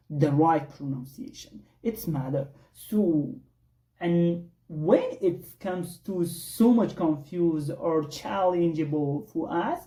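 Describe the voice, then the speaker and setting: A teacher from Afghanistan gives an online English exam lesson, calling listeners "guys" and filling pauses with "you know" and "I don't know". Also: medium pitch, dark tone, far from the mic. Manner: addresses listeners as guys, many fillers and repeated "I don't know". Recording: echoey room, voice set back from the mic.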